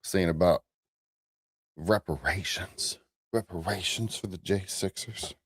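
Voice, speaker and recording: A man's voice: sits low, unhurried, breathy edge. An American man hosting a live morning commentary show, rambling casually with restarts and chuckling at himself.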